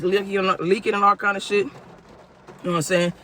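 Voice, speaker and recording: A vlogger tells a casual story-time tale in a slangy way, peppering it with "you know what I'm saying." His voice sits high and moves fast with a fairly bright tone, and a little hiss or hum is audible.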